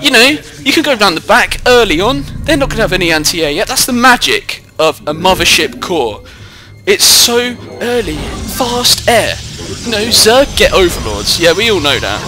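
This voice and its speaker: A young British man in his teens giving jokey, rambling live commentary on a strategy game into a headset mic. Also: high-pitched. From Britain. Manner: jokey, rambling, self-mocking. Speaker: gameplay commentator. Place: indoors at home, away from the usual recording spot.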